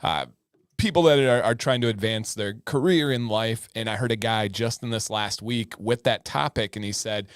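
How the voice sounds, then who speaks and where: A man's voice: on the low side, moderate pace, smooth, no echo, studio quality. Upbeat man co-hosting a livestream. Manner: enthusiastic, retells stories, reads viewer comments. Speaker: livestream co-host. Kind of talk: casual livestream chat.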